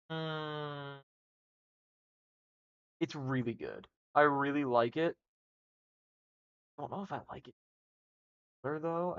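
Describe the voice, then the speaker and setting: In this livestream, a young man with a gravelly mid-range voice talks casually about rankings. He rambles, restarts, and swears, all heard through dull lo-fi stream audio.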